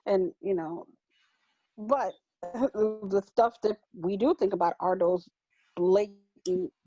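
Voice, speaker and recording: Woman, husky, mellow tone, casual and encouraging, lo-fi dry sound. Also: medium pitch, slow pace, no echo, faint music behind. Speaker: youth mentor. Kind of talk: group discussion. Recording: dull lo-fi dry call sound.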